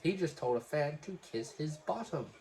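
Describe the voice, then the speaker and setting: A man calling a wrestling match live with a friend, in quick, excitable play-by-play and dry jokes. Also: fairly high pitch. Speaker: wrestling watch-along host. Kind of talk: casual live reaction commentary.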